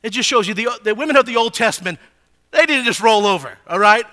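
A man teaching a Bible passage in a sermon, animated and asking his listeners frequent rhetorical questions. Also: high-pitched, fast.

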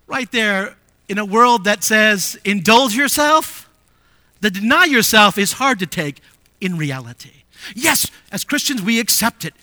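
A man preaching a sermon. He rises to emphatic declarations, drops to quiet asides and asks the congregation rhetorical questions. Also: sits high, expressive, measured pace, no echo. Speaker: pastor.

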